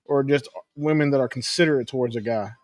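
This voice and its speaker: A man co-hosting a casual podcast chat, explaining his thoughts in a halting, thoughtful way. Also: mid-range voice, dry recording, studio quality. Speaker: podcast co-host.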